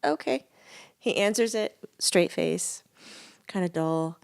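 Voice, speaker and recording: A woman's voice: lowish voice, animated, slow, gravelly, a little mellow, clean tone. A woman co-hosting a casual podcast, telling stories animatedly and laughing often. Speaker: podcast co-host and medium. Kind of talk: casual chat.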